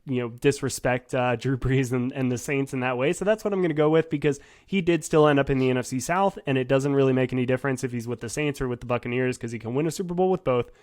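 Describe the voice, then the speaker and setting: A man's voice: mid-range voice, fast talker, hardly any pauses, a little mellow. A man who is a guest on a casual sports podcast and a sports writer, giving thoughtful, hedging analysis with frequent restarts.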